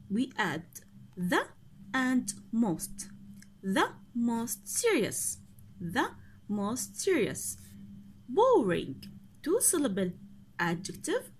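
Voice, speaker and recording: A woman's voice: fairly high pitch, a little hiss or hum. A woman English teacher going through a grammar exercise step by step, asking pupils questions as she explains. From Oman. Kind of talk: recorded grammar lesson.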